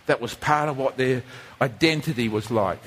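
A man preaching a sermon, animated, acting out voices as he tells the story. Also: mid-range voice, moderate pace, long reverb tail. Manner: animated, acts out quoted voices like a whining child. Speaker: pastor.

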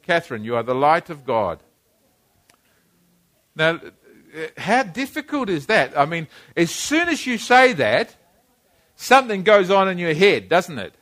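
Emphatic male preacher, higher-pitched. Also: sing-song, measured pace, long pauses, fairly bright tone. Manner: emphatic, repeats key phrases and leads congregation responses. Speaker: pastor. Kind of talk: sermon. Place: church.

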